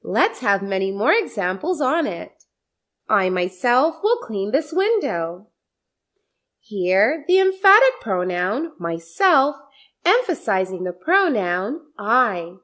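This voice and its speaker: This woman's voice sits on the high side, very animated and fairly bright in tone. She delivers a scripted grammar lesson slowly and deliberately, going over many repeated example sentences.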